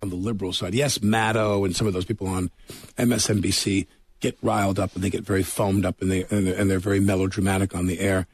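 Husky, stammering man in an interview. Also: sits low, flat delivery, quick pace. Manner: stammering, repeats words, rambling. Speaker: interview guest. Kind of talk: casual interview clip.

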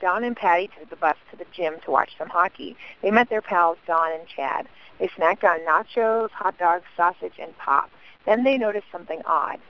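A woman's voice: on the low side, moderate pace. A woman calling in by phone and reading a short script aloud with a lifting cadence. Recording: phone call recording.

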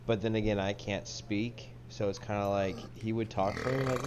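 Male guest, lowish voice, profane rant, faint background noise. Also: fairly even intonation, moderate pace, few pauses. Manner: ranting, profane. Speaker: podcast guest. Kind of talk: casual chat.

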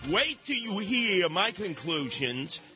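Speaking slowly but very animatedly, an older talk radio host from New York is brash and sarcastic, slipping into mocking impressions. Light music sits under his studio-mic'd voice, which is high for a man, bright, and forceful.

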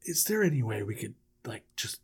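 A woman voicing sarcastic, fed-up older brothers who mutter low. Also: lively intonation, a little slow, slightly rough, heavily acted.

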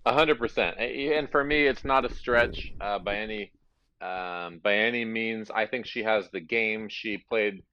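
A man co-hosting a tennis podcast, talking in a relaxed, hesitant way with many fillers. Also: lowish voice, measured pace. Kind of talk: casual sports chat. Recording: dull dry sound.

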